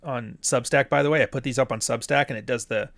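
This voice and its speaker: A man hosting a casual livestream from a dry, close-sounding room, with a voice sitting at an ordinary middle pitch. He drifts from tangent to tangent, curses freely and keeps circling back to his point. He comes from the Pacific Northwest. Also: steady tone, fast, gravelly, fairly bright tone, dry recording. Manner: rambling, goes off on tangents, profane. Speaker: livestream host reading super chats.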